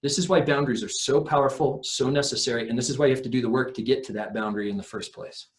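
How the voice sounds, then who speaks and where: A man's voice: medium pitch, fairly even intonation, fast. Earnest man coaching on a podcast. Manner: earnest, emphatic, acts out quoted lines. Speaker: emotional abuse recovery coach, guest. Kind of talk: podcast interview, explaining.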